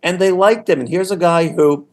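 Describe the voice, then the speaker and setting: A man's voice: high-pitched, normal speed, a little mellow. A man in his sixties, a former political staffer, telling anecdotes in a casual podcast conversation, often restarting his sentences. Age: 60s. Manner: anecdotal storytelling with frequent restarts.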